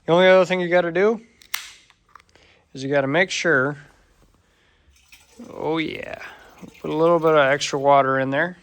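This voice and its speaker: A man's voice: on the high side, steady tone, normal speed, pauses often, fairly bright tone, smooth. A man narrating his own shop project in casual talk, unsure and thinking aloud as he goes, a bit out of breath from the work. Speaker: DIY vlogger. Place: shop or garage.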